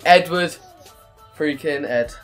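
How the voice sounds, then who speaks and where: A man hosting a gaming video, commenting on play as it happens, excitable with loud outbursts and trash talk. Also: a little high, takes it slowly. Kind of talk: live gameplay commentary. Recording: voice over loud game music.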